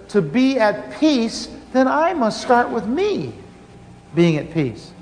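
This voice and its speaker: Male pastor, high voice, earnest storytelling sermon with restarts, conference hall echo, faint hiss.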